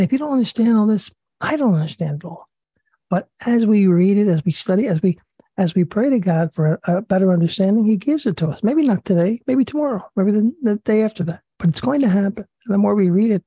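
Male study leader, raspy and mellow, earnest reading with asides, dry sound. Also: sits high, no room sound. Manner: earnest, repeats himself, pauses with fillers. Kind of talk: religious study talk, reading and commenting.

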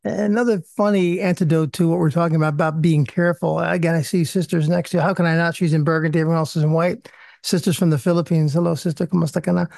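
A man's voice: fairly high pitch, steady tone, quick pace, gravelly, a little mellow, dry recording, clean studio sound. A man hosting a casual discussion, chatty and self-deprecating, often restarting his sentences.

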